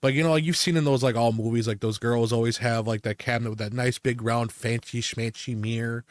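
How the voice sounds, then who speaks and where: A man in a casual podcast chat, his voice sitting at a middle pitch. He rants with a lot of cursing and acts out the people in his story. The mic is close and dry, with no room sound. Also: a little fast, dry recording. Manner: profane, animated storyteller who acts out quoted people. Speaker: podcast co-host.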